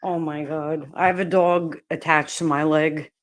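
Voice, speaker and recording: A woman hosts a casual livestream, chatting with viewers and her dogs, swearing often and breaking into laughter. Her voice sits low with fairly even intonation, and she speaks a little slowly.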